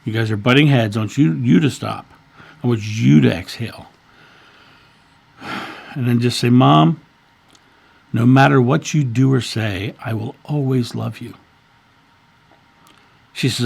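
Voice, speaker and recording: A man's voice: mid-range voice, measured pace, vocal fry, pauses often, a little mellow, breathy edge. A man in his fifties, a channel host, earnestly telling a story in a casual monologue and often repeating words. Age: 50s.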